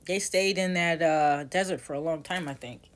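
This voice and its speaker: A woman in her forties with a slightly low voice, teaching in a loose, chatty way. She rambles, doubles back and corrects herself mid-thought. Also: moderate pace. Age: 40s. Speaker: tarot teacher. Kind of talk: casual teaching.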